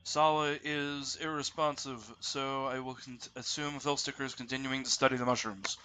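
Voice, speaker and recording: A man with a bright, clear-edged voice narrates a tabletop game as its game master. He talks in a relaxed way and thinks aloud as he sets the scene. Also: mid-range voice, normal speed, a little hiss or hum.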